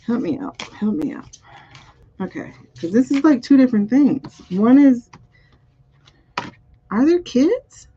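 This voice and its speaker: A woman's voice: fairly high pitch, big pitch swings, slow, long pauses, warm tone, slight background noise. A woman doing a live-streamed spiritual card reading, musing aloud over the cards and chatting with viewers. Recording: dull, muffled audio.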